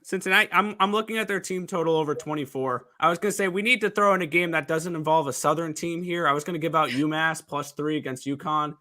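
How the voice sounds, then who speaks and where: A man's voice: a little high, fast talker, hardly any pauses, sharp tone. A man, a sports handicapper, talking hesitantly and repeating words in a casual betting chat.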